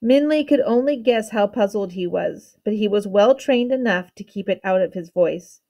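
A woman teacher reading a children's novel aloud with steady, expressive storytelling. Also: mid-range voice, normal speed, lo-fi sound.

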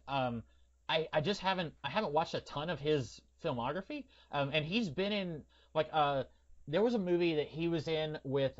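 A man's voice: a little high, muffled recording. Hesitant man, rambling podcast talk. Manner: hesitant and rambling, many fillers. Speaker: podcast co-host. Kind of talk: casual film review chat.

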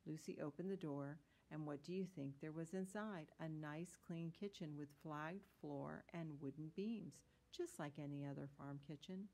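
Female storyteller, slightly low voice, gentle unhurried read-aloud of a children's tale.

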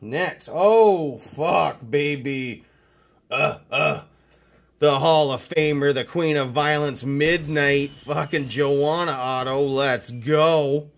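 A man from Canada hosting a casual mail-day chat about his trading cards, excitable and swearing constantly. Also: a little high, slow pace, gravelly. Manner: profane, excitable hype talk. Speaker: card collecting channel host.

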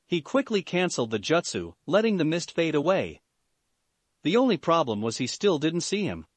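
A man narrating fan fiction aloud in a steady storytelling manner. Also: on the high side, moderate pace, dry recording.

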